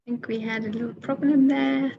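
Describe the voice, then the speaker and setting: A woman's voice: a little high, fairly even intonation, fairly quick, vocal fry, noisy background. Patient woman teaching online, lo-fi audio. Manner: patient, explains step by step with fillers. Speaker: English teacher. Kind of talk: webinar lesson.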